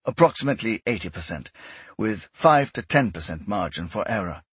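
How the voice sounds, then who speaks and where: A man's voice: on the low side, animated, brisk, slightly rough, dry recording. A man playing a formal, deferential adjutant. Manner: formal and matter-of-fact reporting. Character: precise, deferential male military adjutant.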